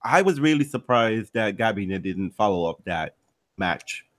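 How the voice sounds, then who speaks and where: Animated, profane male podcast host. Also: fairly low pitch, normal speed. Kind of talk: casual podcast banter.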